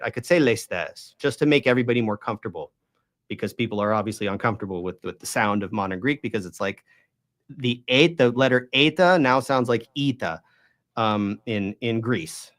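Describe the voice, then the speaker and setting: A man's voice: mid-range voice, a bit bright. A man hosting a Bible study channel, explaining at length in an emphatic, argumentative way and often checking in with the listener. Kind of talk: explanatory monologue on Greek pronunciation.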